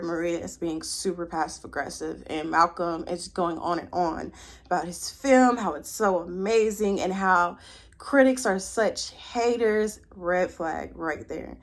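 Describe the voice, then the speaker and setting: Animated woman giving opinionated commentary. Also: mid-range voice. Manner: animated, opinionated, rapid asides. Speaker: film commentator.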